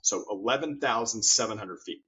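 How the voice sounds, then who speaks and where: A man's voice: on the low side, a little fast, bright, forceful tone, breathy edge, lo-fi sound. A man, a guest author in an interview conversation, telling stories earnestly and often repeating his words as he goes.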